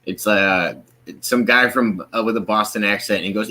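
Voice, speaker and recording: Bright-voiced man hosting a live stream. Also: fairly low pitch, moderate pace. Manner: friendly, reads out viewer comments. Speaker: host of a live stream show. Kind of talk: casual chat.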